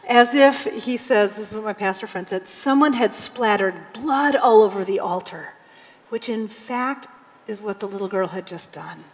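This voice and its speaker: A woman pastor giving a sermon in a conversational preaching style, now and then reading scripture aloud with emphasis. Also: medium pitch. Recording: long hall reverb.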